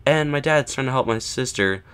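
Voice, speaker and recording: A man with a smooth, clean voice at an ordinary middle pitch tells a story in a chatty, casual way. He keeps checking in with his listeners and plays out the quoted lines with lively emphasis. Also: moderate pace. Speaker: vlogger.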